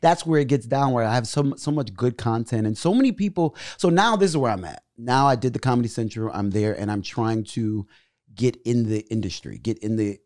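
A young adult man, a comedian guest, telling a story in a casual, animated way, his voice jumping loud and high when he acts out scenes. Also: fairly quick.

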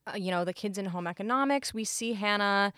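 Young woman podcast cohost, chatty movie recap, mid pitch, dry close sound. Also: brisk, pushed and bright, no room sound. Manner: chatty, fillers of "like", acts out quotes. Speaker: podcast co-host. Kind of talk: casual movie recap chat.

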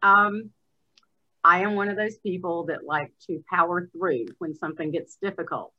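A woman's voice: lowish voice, normal speed, highs cut off. A woman asking earnest, searching questions in a discussion over a video call.

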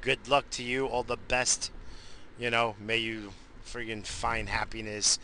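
A man rambling in a profane, easily distracted casual monologue while high. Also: level tone, measured pace, sharp tone, a little hiss or hum.

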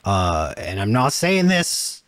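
Deep-voiced halting man. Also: very animated, fairly bright tone, dry recording, clean studio sound. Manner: halting, restarts and hedges while explaining. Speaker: podcast co-host. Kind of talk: casual chat.

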